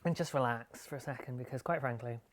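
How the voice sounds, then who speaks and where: A man's voice: mid-range voice, fast, a little hiss or hum. Playful man hosting a live chat. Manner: rambling and playful, laughs often. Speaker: podcast host. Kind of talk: casual live-stream chat.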